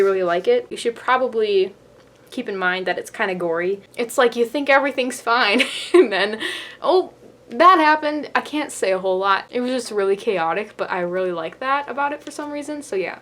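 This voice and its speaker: A young woman in a casual book review vlog, rambling with lots of fillers and laughing often as she talks. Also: medium pitch. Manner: giggly, laughs often while talking. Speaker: book vlogger.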